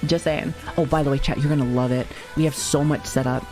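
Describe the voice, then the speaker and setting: A woman's voice: rumbling low, animated, quick pace, few pauses, over music. A woman in her thirties streaming live, talking casually to her chat with lots of swearing and joking. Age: 30s. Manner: profane, joking, chatty with frequent laughs.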